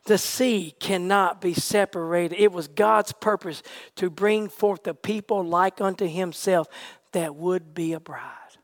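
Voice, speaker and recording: A man preaching a sermon, swinging from hushed, nearly whispered passages to shouted peaks, with folksy turns of phrase. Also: high-pitched.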